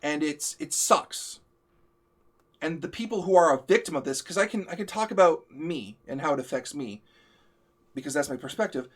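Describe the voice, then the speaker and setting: A man hosting a live stream, venting in a heated, profane, emphatic rant. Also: on the high side. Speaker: show host. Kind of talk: ranting live-stream chat.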